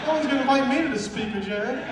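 A man doing a stand-up comedy set, telling stories in an animated way and acting out the people in them. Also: very high voice, rapid-fire, heavy background noise. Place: live fundraiser stage before an audience. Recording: echoey distant room recording with crowd.

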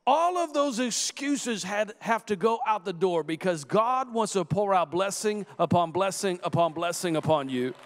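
High-voiced preacher in an echoing hall. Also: male voice, normal speed, hardly any pauses. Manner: animated storyteller who acts out quoted voices and rises to shouts. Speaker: guest preacher. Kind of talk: sermon with personal storytelling. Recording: long echoing hall reverb.

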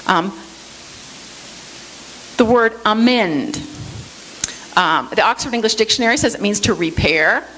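A woman's voice: medium pitch, animated, unhurried, pauses often, a bit bright, slight background noise, poor audio. A woman giving a church Bible study lecture, explaining word meanings and checking in with her listeners with a frequent "okay?", with light self-deprecating humor.

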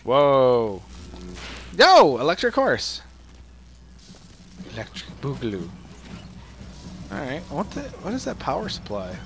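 A man's voice: mid-range voice, wildly swooping pitch, slow, pauses often, soft background music. A young man joking and laughing as he comments on a video game. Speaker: gamer. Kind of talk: let's play commentary.

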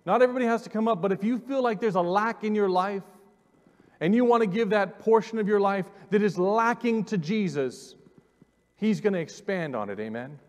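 Man, pastor, forties, earnest preaching, high voice, reverberant church hall. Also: fairly quick. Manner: earnest storytelling, repeats words, calls congregation forward. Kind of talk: sermon with personal testimony. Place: church sanctuary.

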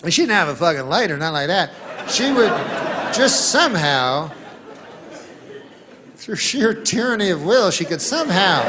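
A middle-aged man from Canada doing deadpan stand-up, rambling through a long story and putting on voices for newsmen. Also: high voice, noisy background. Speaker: stand-up comedian.

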